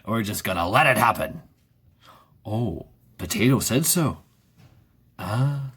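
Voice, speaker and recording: A man's voice: fairly low pitch, animated, slow pace, fairly bright tone, breathy edge. A man vlogging in a sarcastic ranting monologue, repeating himself, swearing freely and firing off rhetorical questions.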